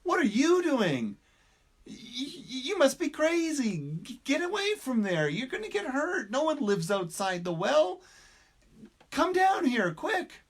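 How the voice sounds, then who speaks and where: A man voicing a stubborn, panicky male frog who has lived all his life in a well, in a high, stammering voice. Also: takes it slowly. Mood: alarmed. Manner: high, shrill, stammering and excitable. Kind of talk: storytelling.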